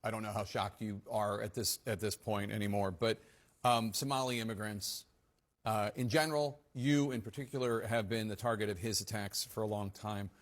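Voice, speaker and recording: A man with a lowish voice asks a news interview question. He hesitates and uses small fillers. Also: steady tone, normal speed.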